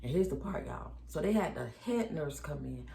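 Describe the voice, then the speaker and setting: Speaking directly to her viewers, a woman recounts giving birth in a chatty, animated way, performing every exchange. Her voice is deep with vocal fry, at a normal speed. Faint noise and echo fill the room.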